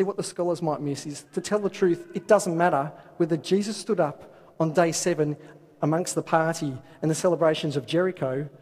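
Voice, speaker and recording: A man's voice: on the high side, a little mellow. A man preaching a sermon, asking rhetorical questions and reading scripture aloud. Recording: long hall reverb.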